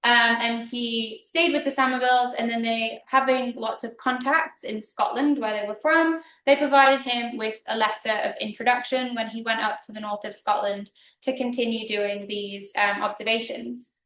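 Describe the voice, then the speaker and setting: A woman's voice: on the high side, steady tone, normal speed, a bit bright, distant mic, a little hiss or hum. A woman lecturer giving a public history talk in a casual, chatty manner with frequent ums. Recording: roomy hall, speaker off-mic.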